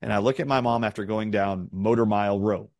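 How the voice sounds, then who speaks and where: A middle-aged interview guest from the southern US tells animated stories, emphatic and peppering them with quick questions. His voice is fairly low with a darkish tone, recorded cleanly in a studio with no echo.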